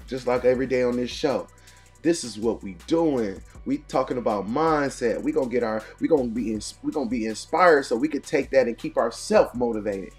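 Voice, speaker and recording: A man hosts a morning motivation show at a brisk pace, his medium-pitched voice set against soft background music. He preaches motivational talk in punchy, repeated lines, using a call-and-response cadence.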